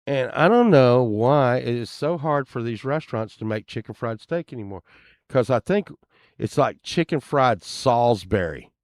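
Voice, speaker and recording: A vlogger rambles casually while browsing items online, grumbling and occasionally swearing in meandering asides. His mid-range voice is expressive and moderately paced, with clean studio sound and no echo.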